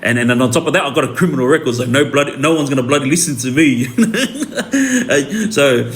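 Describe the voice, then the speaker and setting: Casting: Australian man, mid-pitched, loose livestream talker who trips over repeats and fillers, faint noise behind. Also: fairly even intonation, rapid-fire, a bit bright. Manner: rambling, many fillers and repeats. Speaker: livestream host. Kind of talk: casual livestream talk.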